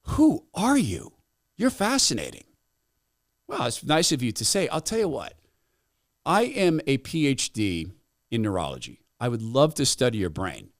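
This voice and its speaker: A man voicing a pushy female activist who claims to be a neurologist, shrill and insistent, repeating herself as she pleads. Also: wildly swooping pitch, moderate pace, no room sound, clean studio sound, full character voice. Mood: coaxing, insistent.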